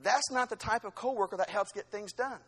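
A male pastor preaching a sermon, swinging between loud exhortation and quieter teaching asides. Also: high-pitched, brisk, husky.

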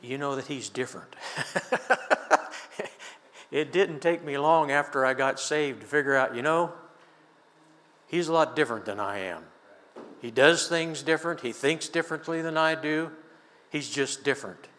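An older preacher with a bright, forceful, fairly high voice weaves scripture together with a folksy personal story, chuckling easily. He speaks at a moderate pace and pauses often. The long reverb of a large church sanctuary rings around him.

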